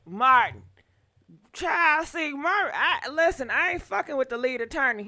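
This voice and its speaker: A woman hosting a casual gossip livestream, animated and profane, talking straight to her viewers. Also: high voice, moderate pace.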